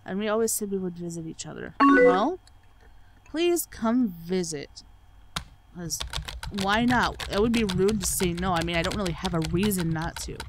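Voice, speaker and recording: A woman's voice: lowish voice, fairly quick, heavy background noise. A woman doing game playthrough commentary, sarcastic and swearing freely as she reads the on-screen chat aloud. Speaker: let's play gamer.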